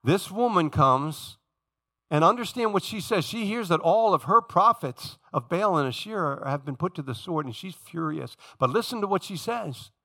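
A man's voice: high-pitched, lively intonation, moderate pace, vocal fry, bright, forceful tone. A male pastor preaching a sermon to his congregation, telling Bible stories and acting out the characters' lines, often checking in with the church. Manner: storytelling, acting out biblical figures' lines; addresses congregation directly.

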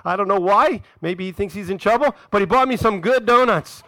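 A male pastor delivers an animated sermon in a notably high, bright voice. He tells the story with energy and slips into the voices of the people he quotes. The sound is close and dry, with little room echo. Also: brisk, few pauses.

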